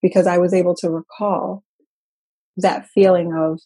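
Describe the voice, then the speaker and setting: Woman, mother; dark, slightly breathy tone; earnest, halting personal talk. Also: on the low side, level tone. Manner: earnest, halting, repeats words. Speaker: mother sharing personal story.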